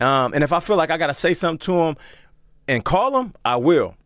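Animated storytelling man in a dry studio. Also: fairly high pitch, a little fast, no echo. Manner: animated, acts out quoted voices. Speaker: podcast guest, former football player. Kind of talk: casual storytelling. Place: podcast studio.

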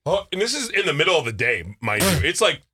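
A man with a lively, bouncing delivery and a bright, forceful tone tells animated stories in casual banter. He keeps slipping into other people's voices as he goes. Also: fairly high pitch, fast, breathy edge. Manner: animated storyteller who acts out others' voices. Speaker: radio show co-host.

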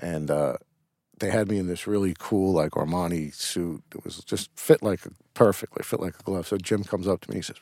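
A man's voice: low voice, moderate pace, darkish tone, no echo, clean studio sound. A middle-aged man, an actor, telling rambling stories with restarts and casual swearing in an interview.

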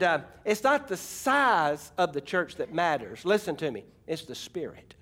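A man's voice: sits high, fairly bright tone. A middle-aged man from Arkansas, preaching a folksy, emphatic sermon and calling out to his congregation. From Arkansas, USA. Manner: folksy, emphatic preaching with audience call-outs. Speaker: pastor.

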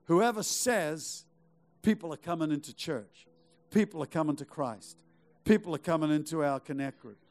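A man's voice: on the high side, moderate pace, a little mellow. A middle-aged male pastor preaching a sermon, urging the congregation on with rhetorical questions and repeated phrases. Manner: emphatic, exhorting with rhetorical questions and repetition.

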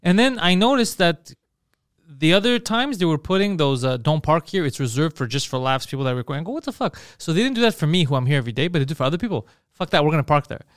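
A man's voice: a little high, lively intonation, fast, dry recording, studio quality. A man hosting a podcast, telling profane anecdotes in casual chat and acting out the dialogue. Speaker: podcast host.

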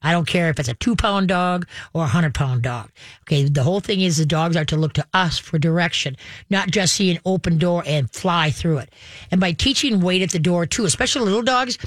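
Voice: medium pitch, brisk, dry recording, clean studio sound. A radio host and dog trainer giving step-by-step call-in advice in a chatty way, acting out dog and owner voices.

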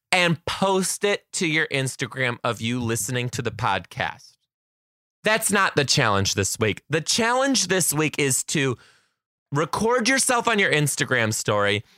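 Animated, sassy male podcast host. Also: a little high, no room sound, studio quality. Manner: animated, sassy, acts out classroom scenes. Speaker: podcast host, kindergarten teacher. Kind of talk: comedic podcast monologue.

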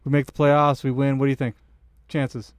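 A man's voice: mid-range voice, little pitch movement, normal speed, no echo, studio quality. A man on a sports podcast reading out questions from the live chat. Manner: reads viewer comments aloud.

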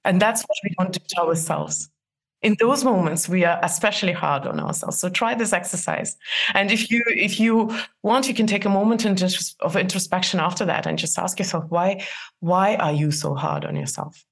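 A woman's voice: mid-range voice, fairly quick, creaky. A woman in her forties, a guest in an interview, giving earnest advice with frequent laughs and restarts. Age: 40s. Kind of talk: interview conversation.

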